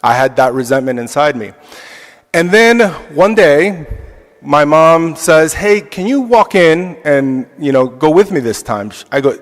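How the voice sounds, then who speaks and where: A man's voice: fairly high pitch, animated, measured pace. A man teaching an adult church class, telling a personal story in a reflective way with casual fillers. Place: church hall. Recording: long reverb of a church hall.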